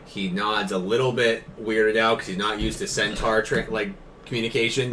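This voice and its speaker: Male game master, fairly low voice, relaxed narration; sits back from the mic, noisy room. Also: brisk, few pauses, distant mic.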